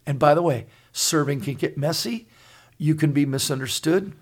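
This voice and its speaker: A man in his sixties, co-host of a Christian talk show, telling stories in an earnest, halting way with many restarts. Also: fairly high pitch. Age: 60s. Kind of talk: conversational storytelling.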